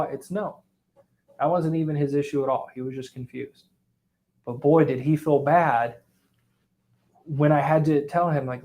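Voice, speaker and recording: A man hosting a sales training talk show, telling stories in a lively, animated way and acting out both sides of a conversation. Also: medium pitch, moderate pace. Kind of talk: casual storytelling chat.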